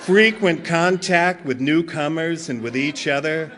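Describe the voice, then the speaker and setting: A man voicing a smooth, deep male late-night TV announcer, crooning a slow sales pitch. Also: background noise, natural voice.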